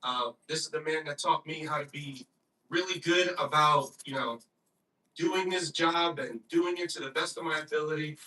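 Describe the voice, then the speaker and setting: A man co-hosting a casual podcast who swears freely and slips into loud rants. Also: on the high side, distant mic. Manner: loud, swearing, quick to rant. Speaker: podcast co-host. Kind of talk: casual profane chat.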